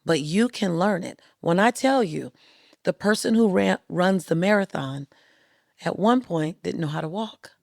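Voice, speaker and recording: A woman speaker on a podcast as a guest, telling stories in an emphatic, rhythmic and animated way. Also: fairly low pitch, unhurried, creaky, dry recording, studio quality. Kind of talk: storytelling interview talk. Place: podcast studio.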